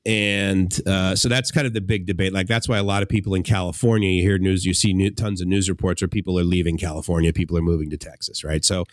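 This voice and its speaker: A man with a lowish voice chats casually as a radio host. He rambles through long stories and slips into the voices of the people he quotes. The sound is dry and close to the mic. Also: fairly even intonation, fast, few pauses, dry recording. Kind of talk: casual chat.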